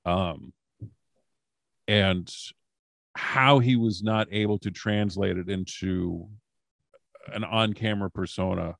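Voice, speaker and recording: Comedian guy spinning backstage stories, lowish voice, dry close sound, lots of ums. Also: slow pace, gravelly, long pauses, no echo. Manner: animated anecdotes, frequent fillers. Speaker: comedian guest, former wrestling writer. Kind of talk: casual storytelling on a podcast.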